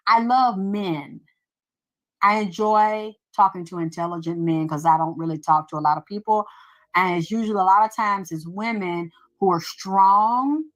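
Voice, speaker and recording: A middle-aged woman hosts a casual show, her mid-range voice captured in a rough recording. In a blunt, profane monologue she tells an animated story, acting out both sides of a conversation with quoted exchanges.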